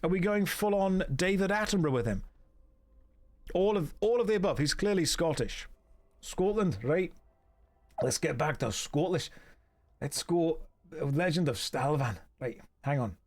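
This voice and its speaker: A man's voice: on the high side, animated, moderate pace, pauses often. Sarcastic man streaming a game. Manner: sarcastic, joking, answers chat. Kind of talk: casual gameplay commentary to a live chat.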